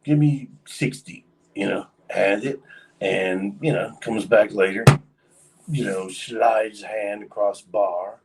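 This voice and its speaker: Man, low voice, rambling casual storytelling, set back from the mic. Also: level tone, takes it slowly, creaky, far from the mic, heavy background noise. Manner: rambling, many fillers, acts out quoted voices.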